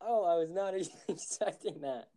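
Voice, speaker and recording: A young man co-hosting a podcast in casual chat, teasing his friend and quick to laugh. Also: sits high, mellow. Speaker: podcast co-host.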